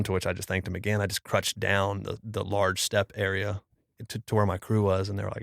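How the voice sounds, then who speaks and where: A man from Florida, a pastor, tells a personal story as a podcast guest. His voice is low with a gravelly edge, recorded dry and close. He speaks casually and slangily, and he acts out what people said. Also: level tone, a little fast, no room sound.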